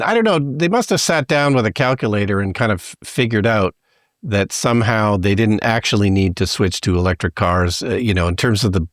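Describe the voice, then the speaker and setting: Canadian guy, podcast host, lowish voice, easygoing news rundown, dead dry mic. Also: no room sound. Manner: relaxed, reads news with many fillers. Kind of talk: casual news discussion.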